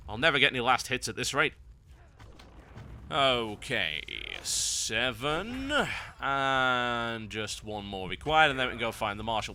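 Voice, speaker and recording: A man's voice: mid-range voice, lively intonation, moderate pace, sharp tone, slight background noise. A man hosting a game guide, giving wry, sarcastic gameplay commentary.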